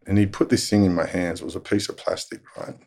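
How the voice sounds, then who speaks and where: A man's voice: deep voice, level tone, fast, a little mellow. A middle-aged Australian man telling stories in a blunt way, swearing freely as he talks. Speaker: guest telling prison stories. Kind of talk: casual storytelling.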